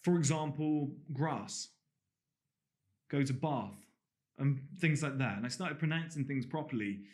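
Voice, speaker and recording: A man's voice: a little high, moderate pace. Man, posh English accent, blunt course coach, swears, emphatic. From England (Gloucestershire). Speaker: dating and body language coach. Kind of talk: direct-to-camera course talk.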